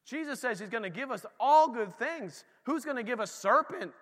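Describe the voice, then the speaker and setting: A pastor preaching a lively, conversational sermon in a church, talking straight to his congregation. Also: very high voice, moderate pace, big-room sound.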